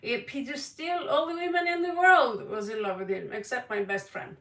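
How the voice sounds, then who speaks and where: A woman with a Norwegian accent giving a tarot reading on a livestream, talking dramatically with sudden loud stresses. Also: high voice, distant mic. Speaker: tarot reader. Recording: echoey room, voice a bit off-mic.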